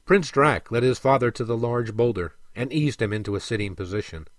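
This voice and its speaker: A man narrating a fantasy audiobook in a measured storytelling voice that drops low and soft on the speech tags. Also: no room sound.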